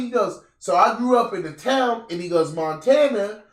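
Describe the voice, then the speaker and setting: A young man with a high, lively voice tells stories in a casual chat, swearing often and mimicking the people he meets. He sounds set back from the microphone, with a roomy echo around him. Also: fairly quick, hardly any pauses. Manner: animated, profane, acts out quoted people. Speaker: podcast host. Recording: roomy echo, distant mic.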